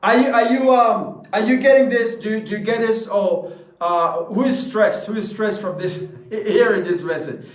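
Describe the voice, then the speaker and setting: A man's voice: high voice, normal speed. A man giving a motivational talk to a live audience. He is emphatic, repeats phrases and keeps asking the listeners questions. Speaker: motivational speaker. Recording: echoey room from a distance.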